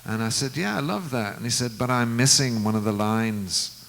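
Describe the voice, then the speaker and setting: A man in his seventies, a guest musician, telling an anecdote in an unhurried way and acting out the quoted dialogue. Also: medium pitch, gravelly, a bit bright, slight background noise, low-quality recording. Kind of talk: anecdotal storytelling.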